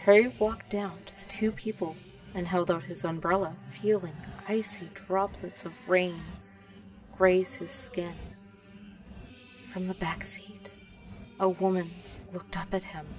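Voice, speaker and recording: Female storyteller, calm quiet read, sits back from the mic over soft music. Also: lowish voice, unhurried, recorded from a distance, rough recording. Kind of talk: reading a fan story aloud.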